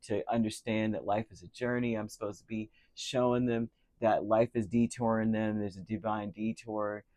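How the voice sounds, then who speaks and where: A man's voice: on the low side, little pitch movement, normal speed, a little mellow, no room sound. A man giving a casual, chatty tarot reading to his viewers, who laughs easily and drifts into asides. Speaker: tarot reader.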